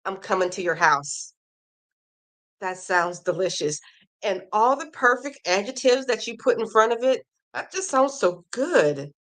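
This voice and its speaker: A woman hosting a casual crochet livestream, chatting and reading viewer comments aloud with animated reactions. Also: medium pitch, normal speed.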